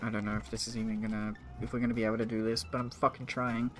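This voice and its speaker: A man's voice: lowish voice, level tone, rapid-fire, soft background music. A man in his twenties casually commenting on a strategy game during a live stream, rambling and swearing. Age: 20s. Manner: rambling, profane, joking with chat.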